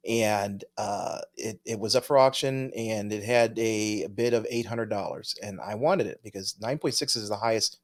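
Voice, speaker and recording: Easygoing man chatting on a podcast. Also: medium pitch. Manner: easygoing, chuckles often, thinks aloud. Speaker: podcast co-host. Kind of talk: casual chat, reading viewer mail.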